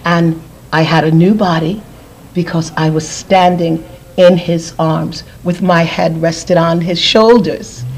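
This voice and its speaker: A woman's voice: fairly low pitch, fairly even intonation, slow, a little hiss or hum, poor audio. A woman giving a personal testimony as an interview guest, earnest, often repeating phrases for emphasis.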